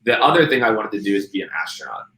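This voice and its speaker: A forty-year-old man hosting a live show, chatting in a casual, excitable, jokey way. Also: on the low side, racing, roomy sound, noisy background. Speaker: host and company CEO.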